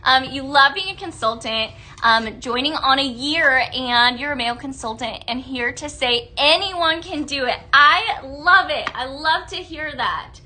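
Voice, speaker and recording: A woman's voice: high-pitched, unhurried, hardly any pauses, sharp tone. A woman hosting a live shopping stream, gushing over products and reading out viewer comments in a bubbly, chatty way. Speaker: live-selling host.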